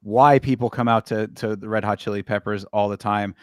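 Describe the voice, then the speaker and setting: A man's voice: lowish voice, fairly even intonation, a little fast, no echo, studio quality. A man co-hosting a casual sports podcast, talking in an easygoing way with lots of fillers. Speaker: podcast co-host.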